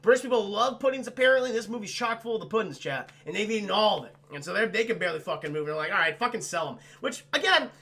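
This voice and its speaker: Streamer recapping a film for chat: a high, gravelly male voice with a bright edge, profane and rambling. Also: expressive, quick pace, hardly any pauses. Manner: profane, rambling, mocking impressions. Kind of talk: crude comedic film recap.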